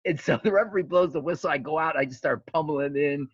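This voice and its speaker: A man in his fifties, a wrestling coach, telling stories in an interview, animated and full of fillers and restarts. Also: on the high side, quick pace, few pauses, breathy edge, dry recording. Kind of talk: storytelling interview. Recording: dull lo-fi sound, dry.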